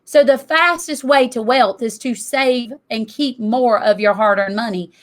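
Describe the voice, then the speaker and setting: A middle-aged woman giving an energetic, emphatic presentation to an audience as a tax business owner. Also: a little high, a little slow.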